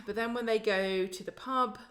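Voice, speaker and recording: A woman's voice: a little high, a bit bright. Woman, chatty podcast co-host, slips into character voices. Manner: chatty, acts out characters' lines in quick voices. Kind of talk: casual chat recapping a soap.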